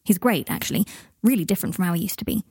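Reserved young wizard, quiet and uneasy, mellow breathy tone, read by a woman. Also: lowish voice, rapid-fire, no echo, clean studio sound. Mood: defensive. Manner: quiet, hesitant, uncomfortable. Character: young adult male wizard, withdrawn and earnest.

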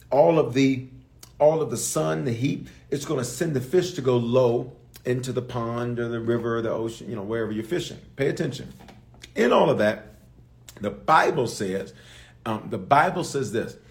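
A man's voice: medium pitch, creaky, darkish tone. A man preaching a livestreamed sermon as a bishop. He talks straight to his viewers and repeats phrases over and over for emphasis. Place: livestreamed service, reading viewer comments.

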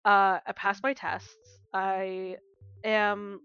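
A young woman co-hosting a podcast, chatting casually, swearing freely and laughing often as she retells things with animated energy. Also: mid-range voice, moderate pace, dry recording, highs cut off. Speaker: podcast co-host. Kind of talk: casual chat.

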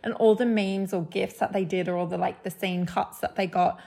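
A young woman with an Australian accent co-hosting a podcast, chatty and quick to laugh. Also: medium pitch, fairly even intonation, gravelly, mellow. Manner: chatty, laughs easily, tells anecdotes. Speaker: podcast co-host. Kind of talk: casual chat.

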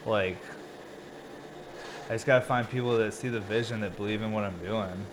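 Stoned, rambling laid-back man, low voice. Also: steady tone, normal speed, noisy background. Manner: rambling and laid-back, heavy filler words, swears freely. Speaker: podcast host and glass blower. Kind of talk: solo podcast casual chat.

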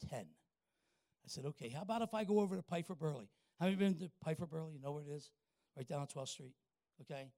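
An older man, a pastor telling a folksy story in a sermon and asking the congregation quick questions. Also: on the high side, creaky, a little mellow, dry recording, clean studio sound.

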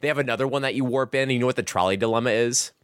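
A man's voice: medium pitch, racing, clean tone, dry recording, studio quality. A man hosting a casual video game chat, rambling and full of filler words. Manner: rambling, heavy use of "like" and "um". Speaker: podcast host reviewing a video game.

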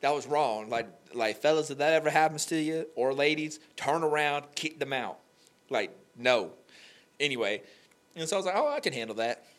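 A young man telling an emotional faith story on a podcast, animated and full of "like" fillers. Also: fairly high pitch, normal speed. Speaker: podcast guest. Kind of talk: candid faith conversation.

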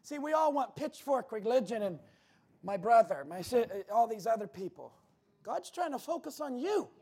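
High-voiced man preaching a fervent sermon. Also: very animated, slightly rough. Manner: fervent preaching with shouted emphasis and quick asides to the congregation. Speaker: pastor. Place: church.

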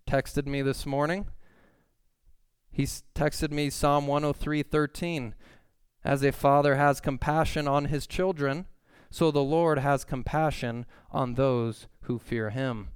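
Man preaching, thirties, earnest and conversational, smooth resonant voice, dry close sound. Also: mid-range voice, dry recording. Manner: earnest, conversational preaching with sudden excited outbursts. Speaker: pastor. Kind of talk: sermon.

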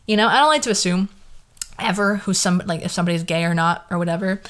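A lowish, slightly bright voice belongs to a fast-talking woman in her twenties, a solo podcast host from the San Fernando Valley in California. With her Valley girl accent, she rambles casually, fills everything with "like," and lets her lines rise like questions.

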